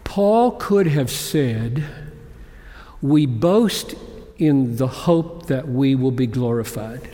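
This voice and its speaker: A man preaching a sermon, swinging between loud exclamations and hushed whispers. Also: mid-range voice. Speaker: pastor. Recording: long hall reverb.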